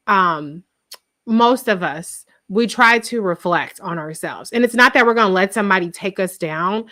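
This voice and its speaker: A young adult woman hosting a casual TV recap chat, telling stories in an animated, profane way. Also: mid-range voice. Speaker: podcast host.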